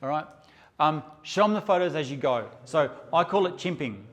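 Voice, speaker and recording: Male presenter, brash and irreverent, slightly high voice, teaching a live class. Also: expressive, moderate pace, fairly bright tone. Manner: brash, joking, swears freely. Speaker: photography workshop presenter. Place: workshop room with live audience.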